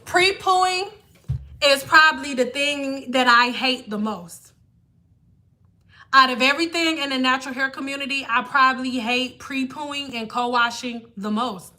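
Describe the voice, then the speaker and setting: A woman's voice: high-pitched, a little slow, pushed and bright. A young woman hair stylist ranting on a live stream, blunt, sarcastic and profane. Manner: mocking impressions of viewers.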